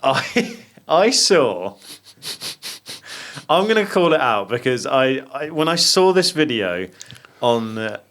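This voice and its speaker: An English man co-hosts a casual podcast, trading jokes and laughing easily. His voice sits at an ordinary middle pitch, and he talks in a loose, chatty way. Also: big pitch swings, takes it slowly, pauses often, fairly bright tone. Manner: chatty, jokey, laughs often. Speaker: podcast co-host. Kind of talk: casual chat.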